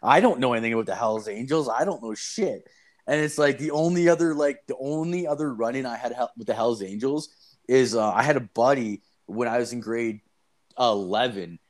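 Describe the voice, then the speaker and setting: Young adult male podcast host; casual, profane storyteller, mid-pitched, animated when quoting. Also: a little fast. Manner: rambling, profane, animated retelling with quoted voices.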